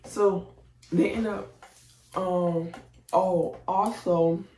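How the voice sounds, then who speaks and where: A woman's voice: lowish voice, steady tone, very slow, mellow. A woman telling a personal story in a chatty, slangy way, acting out her own reactions. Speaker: vlogger telling a birth story. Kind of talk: casual storytelling. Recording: echoey room, distant from mic.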